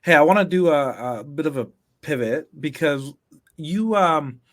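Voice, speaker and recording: A man's voice: a little high, animated, a little slow, a bit bright. Enthusiastic male podcast host. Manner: affirming, enthusiastic, asks long rambling questions. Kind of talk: interview hosting.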